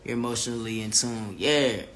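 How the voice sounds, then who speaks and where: A man's voice: mid-range voice, fairly even intonation, moderate pace, roomy sound, very noisy. A man livestreaming casual chat to his viewers and reading their comments, candid, profane and emphatic. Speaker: vlogger talking live to viewers.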